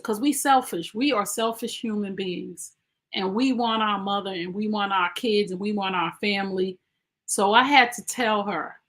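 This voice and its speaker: A woman's voice: medium pitch, a bit bright. Woman, podcast host, emphatic, conversational, personal storytelling. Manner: emphatic, conversational, speaking straight to listeners.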